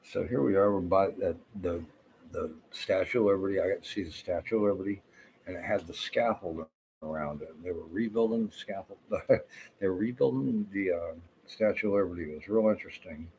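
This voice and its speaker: A man's voice: deep voice, fairly quick, a little mellow, slight background noise, poor audio. A man in his fifties with a Southern US accent, telling rambling, profane stories with lots of fillers. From Florida. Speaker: vlogger. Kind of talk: casual rambling storytelling.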